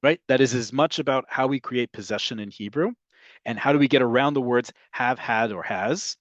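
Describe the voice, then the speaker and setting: A man teaching a language lesson from slides, often checking in with his listeners and pushing key words up in pitch and volume. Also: moderate pace, dry recording. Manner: checks in often with "right?" and "okay?"; stresses words with sudden jumps in pitch and loudness. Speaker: Hebrew teacher. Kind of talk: slide lecture. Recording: dull, dry lo-fi recording.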